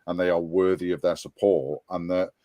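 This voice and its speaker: A man's voice: sits low, little pitch movement, moderate pace, warm tone, no echo. A man of about fifty with a Scouse accent, talking earnestly and rambling in a casual podcast chat, full of restarts and ums. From Liverpool and North Wales. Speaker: podcast guest, fan board applicant.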